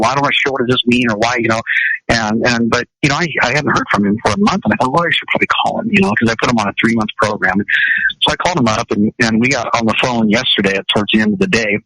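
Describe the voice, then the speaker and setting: A man's voice: mid-range voice, pushed and bright, low-quality recording. A man, a wellness practitioner, chatting on a radio show in a rambling way with many restarts. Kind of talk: casual radio chat.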